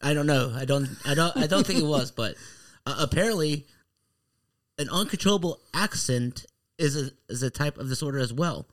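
A man's voice: a little high, lively intonation, moderate pace. A man co-hosting a wrestling podcast, rambling through odd news stories in casual chat. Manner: rambling, laughs along, slips into put-on voices. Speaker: podcast co-host reading news.

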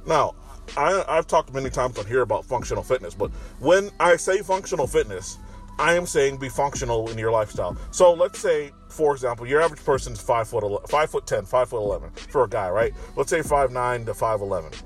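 A man's voice: mid-range voice, lively intonation, a little fast, soft background music. Profane rambling man talking in a parked car. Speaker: commentary vlogger. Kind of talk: casual monologue. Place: parking garage with construction nearby.

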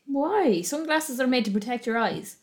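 A woman's voice: high-pitched, animated, moderate pace, darkish tone. A young woman with an Irish accent co-hosting a podcast, chatting in a cheeky, outspoken way with some swearing. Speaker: podcast co-host. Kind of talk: casual chat.

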